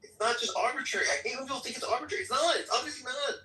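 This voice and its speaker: A man's voice: extremely high pitch, expressive, racing, bright, forceful tone. Heated, profane man in a roomy chat. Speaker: debate participant. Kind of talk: heated online voice-chat debate. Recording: roomy, distant mic, faint noise.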